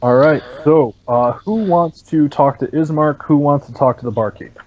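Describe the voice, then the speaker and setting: A man's voice: a little high, moderate pace, highs cut off, slight background noise. A man narrating as game master for a tabletop game, casual and full of fillers. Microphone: online voice chat mic.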